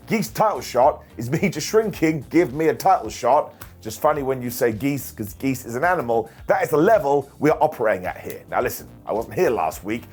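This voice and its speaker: A man recapping a wrestling show in an energetic, jokey casual way, often laughing and mocking himself. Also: mid-range voice, breathy edge.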